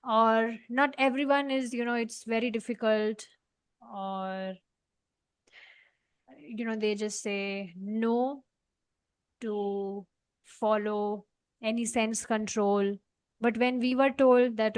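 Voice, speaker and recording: High-voiced woman leading scripture class. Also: flat delivery, takes it slowly, pauses often, clean tone, no room sound. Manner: earnest, explaining, frequent "you know" fillers. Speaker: study group leader.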